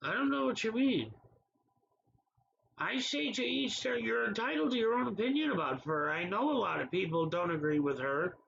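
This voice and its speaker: Gravelly high-pitched man, bright edge, livestream host, dull lo-fi sound. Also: big pitch swings, moderate pace, slight background noise. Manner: gravelly, exasperated, talks back to chat by name. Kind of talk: casual livestream chat reading viewer comments.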